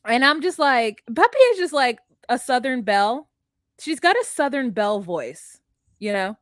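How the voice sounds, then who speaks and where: A woman's voice: sits high, sing-song, moderate pace, dry recording, studio quality. A woman co-hosting a TV recap podcast, telling it in a rambling, hesitant way with giggles. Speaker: podcast co-host. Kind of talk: casual recap chat.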